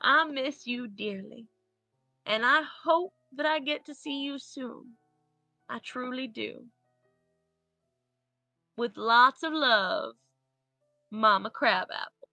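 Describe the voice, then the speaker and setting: A woman's voice: fairly high pitch, takes it slowly, pauses often, pushed and bright, no room sound, soft background music, full character voice. A woman voicing a loving homesteading mother who misses her child, in an attempted Southern accent and a tender, doting manner.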